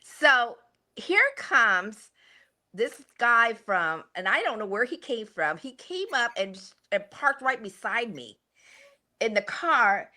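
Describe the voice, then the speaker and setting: An older woman in her sixties spins lively family stories in an easy, conversational way. Her voice is bright and sits a little high. Her pitch swings widely as she gets into the story. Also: slow. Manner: animated, laughing storyteller. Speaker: guest, the host's mother. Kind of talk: casual storytelling chat.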